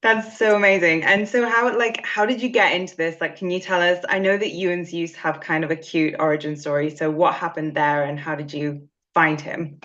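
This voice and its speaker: A woman from the UK hosting a podcast in casual interview, enthusiastic and quick to react. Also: on the low side, steady tone, fairly bright tone, highs cut off. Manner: enthusiastic, reacts with short affirmations. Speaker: podcast host.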